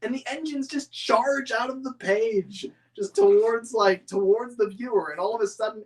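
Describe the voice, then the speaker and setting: A man's voice: high voice, animated, measured pace. A man rambling enthusiastically as a model-making hobbyist answering viewer questions, with many fillers and restarts. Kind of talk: casual chat.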